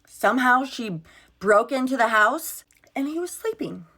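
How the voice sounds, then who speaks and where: A woman's voice: high voice, lively intonation, a little slow, pushed and bright. Exasperated woman telling a story. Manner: exasperated, swears freely, quotes herself and others. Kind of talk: casual storytime vlog.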